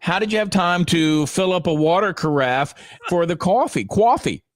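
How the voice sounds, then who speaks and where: A man's voice: a little high, moderate pace, dry recording, clean studio sound. A man co-hosting morning radio, teasing and needling his partner. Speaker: radio co-host. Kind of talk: casual morning radio banter.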